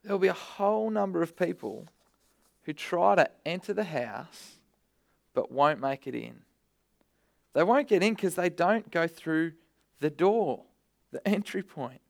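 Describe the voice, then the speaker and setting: A man's voice: high-pitched, animated, a little slow, creaky, pauses often. A man preaching a sermon, conversational with bursts of energy, often repeating words.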